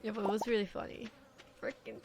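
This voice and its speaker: A woman's voice: medium pitch, fairly even intonation, quick pace, darkish tone, a little hiss or hum. A young woman co-hosting a game stream, chatting casually and playfully retelling funny moments, often giggling. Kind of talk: casual chat. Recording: music playing underneath.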